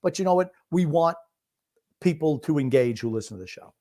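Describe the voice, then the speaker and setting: A man co-hosting a casual sports podcast, blunt, sarcastic and quick to swear, reading listener comments aloud. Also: a little high, expressive, dark tone. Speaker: podcast co-host.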